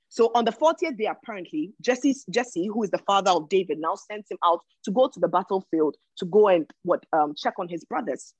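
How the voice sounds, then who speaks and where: A woman with a husky, mid-range voice teaches from the Bible sermon-style, recorded with poor audio quality and no echo. She reads verses aloud, then explains them emphatically, often repeating words while she thinks.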